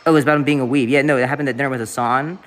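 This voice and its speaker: A man's voice: medium pitch, fairly even intonation, racing, faint music behind. A young man from the Southeast US, streaming and chatting casually in a rambling way, with lots of fillers and swearing.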